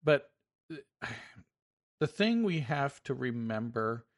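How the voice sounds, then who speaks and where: A man at middle pitch co-hosts a relaxed conversation. He backs the other speaker up before easing into his own point, and he talks in an even, conversational way. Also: very slow. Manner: agreeable, interjects, builds a counterpoint. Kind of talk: casual chat.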